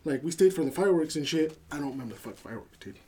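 A man's voice: fairly high pitch, expressive, rapid-fire, a crowd in the background. A man on a podcast telling a story in casual chat among friends, slangy and swearing, acting out quoted dialogue. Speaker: podcast co-host.

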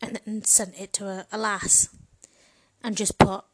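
A woman's voice: mid-range voice, level tone, unhurried. A woman in a frank, bawdy comedic monologue, chatting casually and laughing often. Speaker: vlogger.

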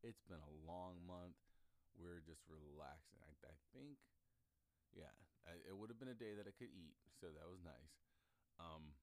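A man with a lowish voice talks through a personal story on his podcast, lively and conversational. He restarts his sentences often and slips into other people's voices as he goes. The sound is close and dry, with no room around it. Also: normal speed, no echo. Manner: animated, acts out quoted voices, frequent restarts. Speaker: podcast host.

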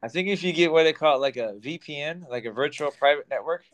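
Male podcast co-host, casual joking chat, slightly higher voice, laughs a lot. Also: fast, a bit bright. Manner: chatty, laughs often, loose and joking.

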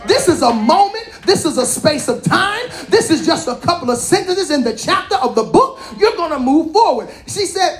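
High-voiced woman preacher, emphatic. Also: big pitch swings, normal speed, few pauses. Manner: emphatic, colloquial, talks straight to the congregation. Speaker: apostle preaching. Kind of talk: sermon.

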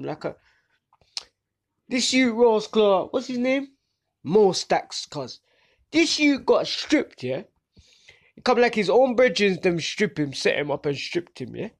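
A young man with a London accent, hosting a podcast and ranting in heavy street slang. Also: high voice. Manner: animated, slangy rant. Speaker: podcast host. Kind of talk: casual monologue.

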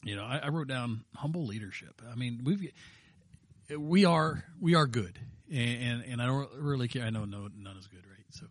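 A man's voice: medium pitch, expressive, normal speed, dry recording, studio quality. A man co-hosting a ministry podcast in casual chat, rambling with many restarts and fillers. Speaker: podcast co-host, pastor.

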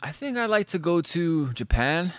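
A man chatting casually as a co-host, his pitch jumping up and down as he tells stories with laughter and swearing. The sound is close and dry. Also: normal speed, no echo. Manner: laughing, swearing, animated storytelling. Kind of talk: casual chat.

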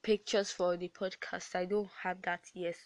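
A woman's voice: lowish voice, little pitch movement, normal speed, no room sound. A young woman hosting a casual podcast, giving advice in a chatty way with restarts and laughs. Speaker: podcast host.

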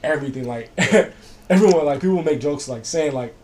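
A man's voice: on the high side, lively intonation, fairly quick, a little mellow. A young man in casual chat, telling a story in a rambling way, full of fillers and "I was like.".

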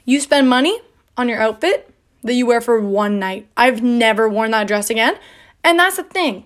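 A woman's voice: a little high, animated, moderate pace. Breathless, rambling young woman. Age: young adult. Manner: rambling, filler-heavy, with frequent "like" and laughs. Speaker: podcast host. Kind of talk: casual chat.

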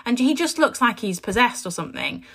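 A British woman and podcast host chatting casually about her children, telling stories in a lively way with frequent asides. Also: on the high side, fairly quick, slightly rough. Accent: British English. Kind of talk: casual chat.

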